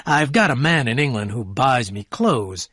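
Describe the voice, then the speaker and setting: Brief: eager, dreamy rich young gentleman, friendly, mid-pitched voice, read by a man. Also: expressive, normal speed, husky, no echo, clean studio sound. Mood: wistful. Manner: friendly, calls listener "old sport".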